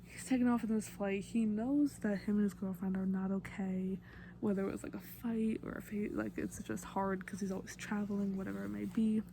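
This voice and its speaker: A woman's voice: medium pitch, fairly even intonation, brisk, gravelly, mellow, slight background noise. A woman vlogger talking casually through a song breakdown, chatty and gushing like an eager fan, with many fillers. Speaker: music vlogger.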